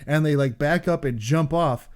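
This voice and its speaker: A man co-hosting a casual podcast, rambling and animated, laughing often between his sentences. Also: a little high, moderate pace, clear, resonant tone. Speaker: podcast co-host.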